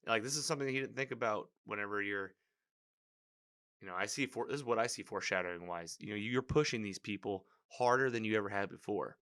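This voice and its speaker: A man casually recapping a TV episode, rambling with many fillers and animated reactions. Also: lowish voice, fast.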